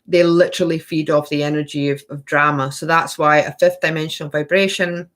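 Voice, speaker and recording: A woman's voice: low voice, steady tone, a little fast, a bit bright. A woman in her thirties hosting a spiritual workshop live stream, chatting with viewers and tagging sentences with okay and right. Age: 30s. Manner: laughs often between sentences. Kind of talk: live stream chat answering viewer questions.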